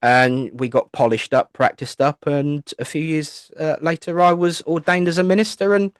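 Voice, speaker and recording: A man from England, a spiritualist minister and medium, tells stories as an interview guest in a rambling, chatty way, with playful asides and acted-out voices for those he quotes. His slightly high voice is smooth and fairly even in intonation at a normal speed, in clean studio audio with no room sound.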